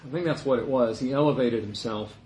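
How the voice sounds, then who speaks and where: A man giving conversational Bible teaching in an animated way, his voice jumping higher when he mimics the complainers. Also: brisk, a little hiss or hum. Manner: animated, voice rising high when quoting complainers. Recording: roomy echo.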